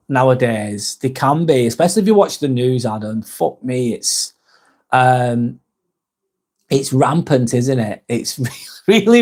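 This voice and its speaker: A man with a Northwest English accent chats casually to viewers of his livestream. His voice sits at an ordinary middle pitch. He talks loosely, reads out comments and drops the odd swear word. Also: a little mellow. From Northwest England. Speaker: live vlog host reading chat.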